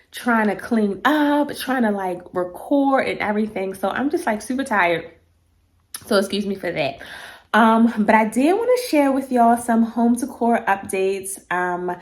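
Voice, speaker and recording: A middle-aged woman, chatting casually to camera about home decor, a little out of breath, with lots of fillers. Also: fairly high pitch.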